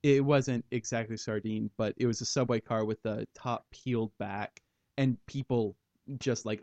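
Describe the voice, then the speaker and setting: A man's voice: fairly low pitch, gravelly, a little mellow, no echo. A man hosting a casual math podcast, rambling through ideas and making puns. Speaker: podcast host. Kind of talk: casual chat about math.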